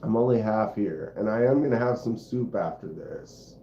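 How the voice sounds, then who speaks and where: A man's voice: fairly low pitch, expressive, moderate pace, dark tone, slight background noise. A man hosting a casual livestream and chatting in a rambling, self-deprecating way. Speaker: host of a knife channel livestream. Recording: roomy, slightly dull sound.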